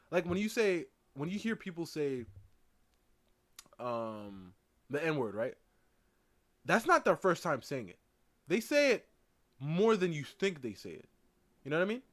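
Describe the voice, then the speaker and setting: A streamer reacting to a clip, incredulous and rambling, sometimes mocking. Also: male voice, sits high, pushed and bright. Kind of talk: live stream reaction commentary.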